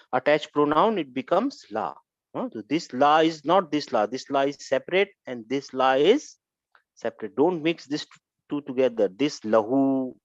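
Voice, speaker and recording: A man teaching a grammar lesson, repeating his points and checking with a quick "huh?" to see if his students follow. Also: medium pitch, dry recording. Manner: repetitive, keeps checking with "Huh?". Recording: dull lo-fi recording.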